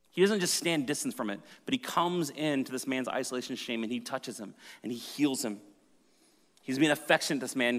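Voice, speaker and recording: A man preaching a sermon with dramatic shifts from loud emphasis to hushed retelling. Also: mid-range voice. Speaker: pastor. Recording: reverberant hall.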